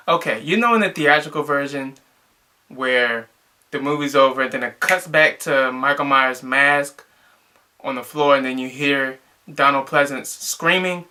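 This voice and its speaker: A man's voice: fairly high pitch, unhurried, pushed and bright. A young man casually reviewing a movie, rambling and exasperated, with lots of filler words.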